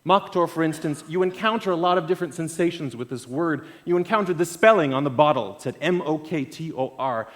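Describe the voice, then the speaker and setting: A man tells a story from the stage in a keynote talk. His voice sits a bit high and leaps around in pitch. He swings from loud bursts to quiet, low asides. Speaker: conference speaker. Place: event stage.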